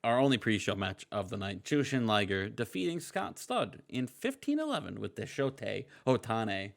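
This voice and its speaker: A male podcast co-host recaps matches in casual chat and teases his partner along the way. His voice has a gravelly fry and swings lively up and down in pitch. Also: moderate pace. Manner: joking, teasing, recapping matches.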